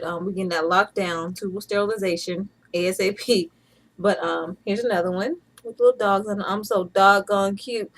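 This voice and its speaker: A chatty woman in her thirties, from Atlanta, talks casually to her camera. She sounds playful and easygoing, with a voice of ordinary middle pitch. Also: poor audio. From Atlanta, USA. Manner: chatty and playful, with bursts of laughter. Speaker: vlogger. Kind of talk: casual vlog chat.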